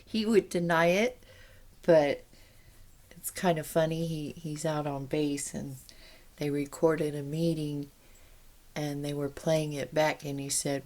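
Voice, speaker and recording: Low-voiced, slow-talking woman canning at home. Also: steady tone. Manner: chatty and rambling, with asides. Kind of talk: casual kitchen demonstration. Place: home kitchen.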